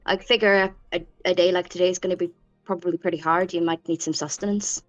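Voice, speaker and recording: A woman's voice: fairly low pitch, fairly even intonation, fast, soft background music. A woman playing her character in a tabletop game, easygoing and friendly in-character chat. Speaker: player. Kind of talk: in-character role-play. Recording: dull, dry lo-fi recording.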